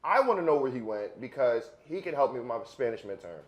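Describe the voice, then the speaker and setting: Young man, co-host, casual chat, excitable, joking, stumbling. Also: mid-range voice, a little fast, dull audio. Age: young adult.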